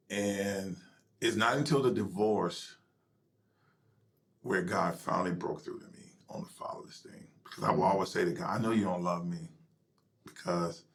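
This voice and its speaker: A middle-aged male pastor telling his personal story in an interview, emotional and halting, sometimes dropping to a near whisper. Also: deep voice, a bit bright. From United States.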